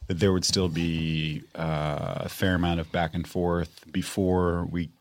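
A middle-aged man with a very low, deep voice speaks as a podcast guest. He talks in a dry, mock-formal deadpan. He acts aggrieved but never breaks. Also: measured pace, no echo. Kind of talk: comedic podcast banter.

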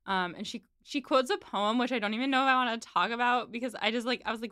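A woman co-hosting a podcast, chatting casually as she recaps a book and slips into quick voices for the characters. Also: medium pitch, a bit bright, clean tone, no echo, clean studio sound. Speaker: podcast co-host.

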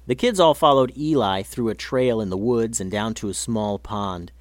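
A man narrating a children's story in a gentle, lively reading manner. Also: on the low side, normal speed, no echo.

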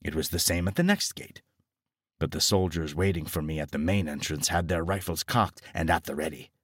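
A man reading a scripted horror story in a steady, grave storytelling manner. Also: deep voice, brisk, no echo, studio quality. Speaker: narrator.

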